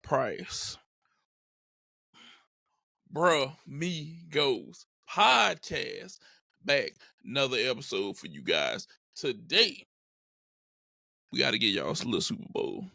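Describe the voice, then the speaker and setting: A man's voice: mid-range voice, sing-song, slow, creaky, pauses often, pushed and bright, no room sound, clean studio sound. A man hosting a casual podcast, hyped and slangy as he opens the show. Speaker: podcast host.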